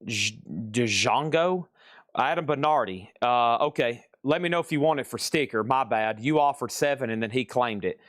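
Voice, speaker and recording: A man's voice: mid-range voice, a bit bright, dry recording, studio quality. Folksy man running a record auction. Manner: brisk, repeats prices and names, folksy asides. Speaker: live auction seller. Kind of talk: live-stream sales patter. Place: record shop, moving between crates.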